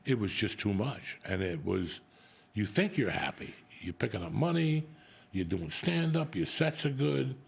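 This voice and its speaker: A middle-aged comedian tells a story in loose, profane chat. His voice is low, rough and gravelly, with a husky edge. He talks bluntly and with lots of animation. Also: expressive, measured pace. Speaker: comedian podcast host.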